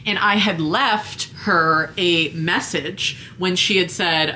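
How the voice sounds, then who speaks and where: A woman's voice: fairly low pitch, fairly even intonation, normal speed, hardly any pauses, sharp tone, slight background noise. A woman vlogger and mom telling a story in casual chat, full of "like" fillers. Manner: chatty, lots of fillers like "like".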